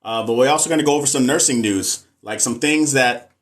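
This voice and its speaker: A man's voice: mid-range voice, brisk. A man with a Texas Southern accent hosts a casual livestream in a mid-range voice. He chats candidly, reads viewer comments aloud, and gives straight, unfussy advice. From American South. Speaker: nurse and livestream host.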